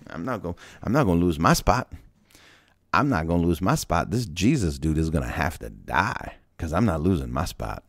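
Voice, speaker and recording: A grasping priest who frets over losing his position, voiced by a man in a low register. He talks bluntly and slangily and keeps repeating himself. The sound is close and dry. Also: very animated, normal speed, no room sound, exaggerated voice. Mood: stubborn.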